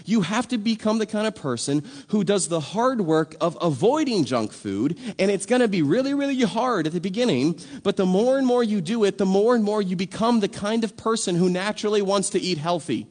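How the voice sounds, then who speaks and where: A man's voice: sits high, lively intonation, fairly quick, few pauses, a little mellow. A man preaching a sermon in a conversational, emphatic way, full of rhetorical questions. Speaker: pastor.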